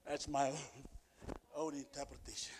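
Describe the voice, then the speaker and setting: A male pastor preaching a sermon with emphasis, repeating key phrases and building to shouted peaks. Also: mid-range voice, flat delivery, unhurried, slight background noise. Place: church service.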